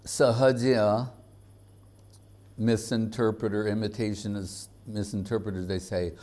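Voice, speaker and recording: A spiritual teacher delivers a devotional lecture in a conversational, informal and halting way, with many fillers and chuckles. His voice is lowish and warm.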